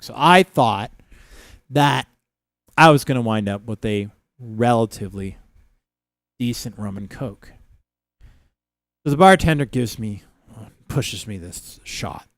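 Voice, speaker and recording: A man's voice: lowish voice, creaky, fairly bright tone, dry recording. A man hosting a livestream, telling rambling, profane stories in casual chat with many fillers. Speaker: livestream host.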